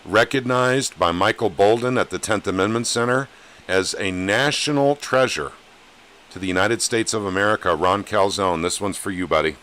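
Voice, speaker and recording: A man over thirty-five hosts a live podcast chat in a plain-spoken, rallying way, and his voice sits a little low. His tone is bright and forward. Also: moderate pace. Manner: plain-spoken, rallying, calls viewers "gang". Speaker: podcast host. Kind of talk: casual live-stream chat.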